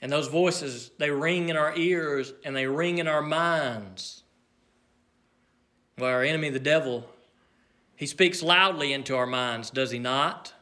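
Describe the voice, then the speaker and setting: A man preaching a sermon, earnest and measured, swinging between loud emphasis and near hush. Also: on the high side.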